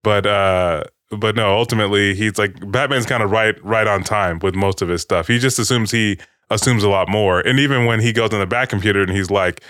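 A man's voice: lowish voice, fairly quick, few pauses, a bit bright, no room sound, clean studio sound. A man casually recapping a movie with friends, rambling, swearing and acting out lines.

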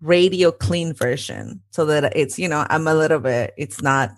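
A woman's voice: deep voice, normal speed. A woman in her thirties co-hosting a podcast in casual chat, laughing often and mixing in Spanish phrases. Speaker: podcast co-host.

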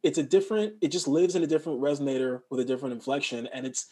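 A man from Montreal, an actor and guest in a casual interview, telling stories in an animated way and mimicking other people's voices. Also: medium pitch, racing, breathy edge. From Montreal, Canada.

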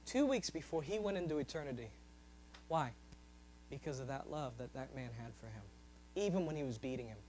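A man preaching a sermon, swinging from loud, high-pitched emphasis to soft, low asides. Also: animated, brisk, a little hiss or hum, poor audio.

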